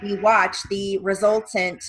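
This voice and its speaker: A woman reading word lists and sentences as dictation practice, evenly and deliberately, with short spoken asides. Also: mid-range voice, level tone, poor audio. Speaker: dictation reader for steno practice.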